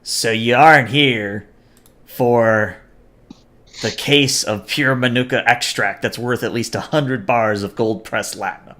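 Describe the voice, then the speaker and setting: A man voicing a rowdy male alien bear thug in a loud, high voice with a botched, haywire attempt at a Brooklyn accent. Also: a little slow. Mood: suspicious.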